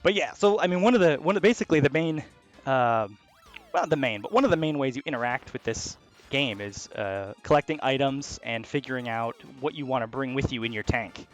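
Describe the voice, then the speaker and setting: A man giving casual commentary as he plays a video game, excitable and swearing freely. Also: medium pitch, a little fast, soft background music. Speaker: let's play host.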